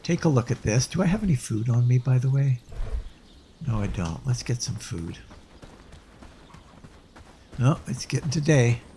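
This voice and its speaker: Man, unhurried game host thinking aloud, mid pitch, slight hiss behind. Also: lively intonation, mellow. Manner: musing aloud, hesitant restarts. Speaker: let's play host. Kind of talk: casual gameplay commentary.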